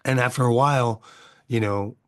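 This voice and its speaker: A man's voice: medium pitch, steady tone, moderate pace. Man musing aloud in a casual monologue. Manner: conversational, rhetorical questions, frequent "right?". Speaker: podcast host.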